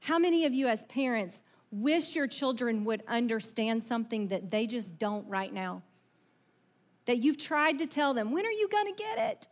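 A woman pastor preaching a sermon in a conversational, animated way, asking her listeners questions and acting out voices from the story. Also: a little high, normal speed. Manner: acts out quoted voices in the story.

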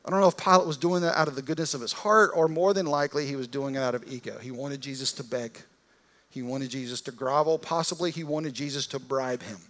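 A man's voice: mid-range voice, fairly even intonation, fast talker, fairly bright tone. A man preaching a sermon, retelling a story in a casual, vivid, conversational way. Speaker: pastor.

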